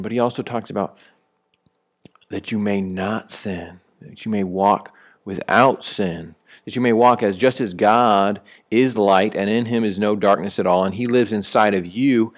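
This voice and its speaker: Low-voiced man preaching conversationally. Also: moderate pace. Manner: conversational preaching with many fillers and restarts; rises sharply when acting out calling someone back. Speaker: pastor. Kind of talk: sermon.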